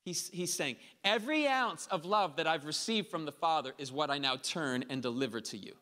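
Bright-voiced man preaching in a reverberant hall. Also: a little high, animated, normal speed. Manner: impassioned, builds to emphatic peaks, voices quoted speech. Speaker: pastor. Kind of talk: sermon. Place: church hall.

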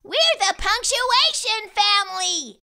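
Woman voicing a bubbly exclamation point, squeaky, unhurried. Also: animated, gravelly, a crowd in the background, exaggerated voice. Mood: eager. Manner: eager, bubbly. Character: always excited male exclamation point.

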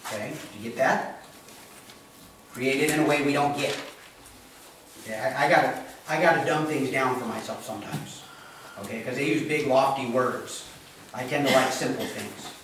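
A man's voice: medium pitch, normal speed, pauses often, background noise. A man preaching a sermon as pastor, plainspoken and often checking in with his congregation. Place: church. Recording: echoey church hall recorded from a distance.

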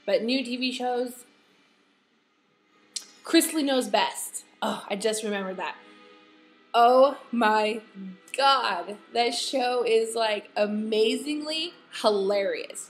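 Chatty rambling woman vlogger. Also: a little high. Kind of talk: casual monthly favorites vlog.

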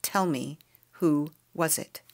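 A woman's voice: sits low, normal speed, no echo. A woman reading aloud and voicing a shocked, distraught mother questioning her daughter over the phone.

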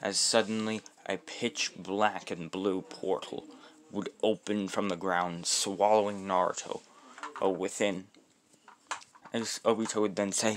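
A man casually narrating a homemade fan story, rambling off on tangents with halting restarts. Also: lowish voice, little pitch movement.

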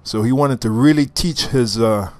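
Man reading aloud, halting asides, mid-pitched voice, dry close sound. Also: a little mellow, no echo. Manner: halting asides, restarts and chuckles between read passages. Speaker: reader and teacher. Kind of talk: reading a story aloud with commentary.

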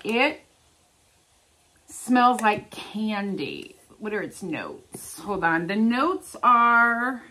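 A woman's voice: medium pitch, expressive, drawn-out words, sharp tone. A middle-aged woman vlogging in a casual chat to the camera, chatty and exclaiming over her crafts. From Ohio, US.

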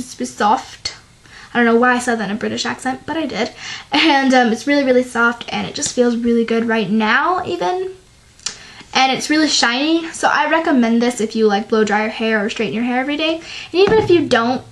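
A young woman chatting casually about her favorite beauty products in her bedroom, filling her talk with "um" and "like". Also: high voice. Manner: chatty, lots of "um" and "like". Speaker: beauty vlogger. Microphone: built-in camera mic.

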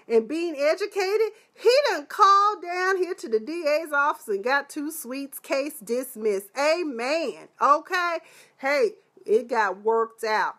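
Casual live show recap from an animated woman, lotta exclamations, bright tone. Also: high-pitched, slow pace. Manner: animated and sassy, with lots of exclamations. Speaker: TV show reviewer.

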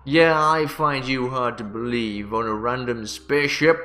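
A man's voice: medium pitch, measured pace, bright, forceful tone, faint music behind. A man hosting a gaming channel, giving joking, sarcastic, rambling let's play commentary.

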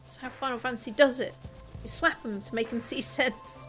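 A woman with a fairly high, slightly bright voice and moderate pace gives casual let's-play commentary as a gaming YouTuber. She thinks out loud in a chatty way and swears playfully while game music plays.

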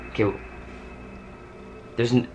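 A man's voice: unhurried, dull audio, noisy background. Panicky young man vlogging. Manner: panicky, exclaims often. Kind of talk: casual scared vlog. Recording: music playing underneath.

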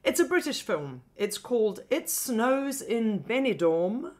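A film critic co-hosting a podcast chats casually about movies, animated and laughing often as she talks. Her voice is fairly high-pitched and her pace measured.

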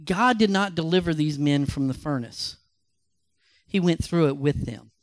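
A male pastor telling a Bible story as a sermon, animated and emphatic. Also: on the high side, moderate pace, no echo.

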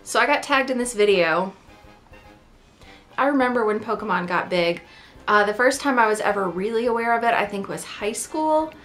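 A woman's voice: a little high, expressive, normal speed, a bit bright, faint music behind. Playful chatty woman vlogger. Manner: playful, self-deprecating, chatty. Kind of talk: casual chat.

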